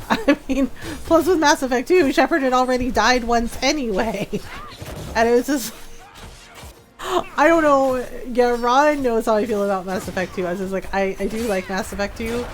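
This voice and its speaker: A woman game streamer in casual chat, animated, laughing often and swearing casually. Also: fairly high pitch, normal speed.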